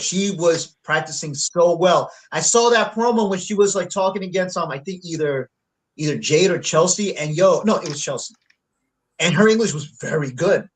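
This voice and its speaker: A man's voice: high voice, low-quality recording. A man co-hosting a casual panel chat who rambles, filling his talk with "like" and restarts. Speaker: co-host.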